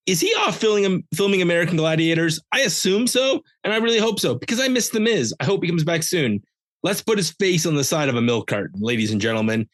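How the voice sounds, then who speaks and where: A man's voice: on the high side, a bit bright, no echo. A man hosting a podcast, giving a casual, joking, rambling recap of a wrestling show. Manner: jokey, rambling, with playful asides. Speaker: podcast host.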